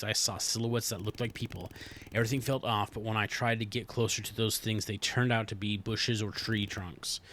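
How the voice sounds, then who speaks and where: A man reading aloud as an old male park ranger in a horror game, leaning hard on odd words with dramatic pauses. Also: lowish voice, fairly bright tone, a little hiss or hum, natural voice.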